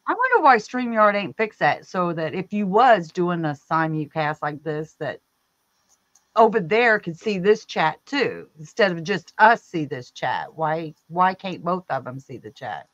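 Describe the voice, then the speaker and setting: A woman with a lowish voice that swings up and down freely, co-hosting a casual livestream chat. She teases her co-host and laughs a lot. The sound is dull and dry, with no room echo. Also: big pitch swings, unhurried, a bit bright. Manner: laughing, teasing, chatty.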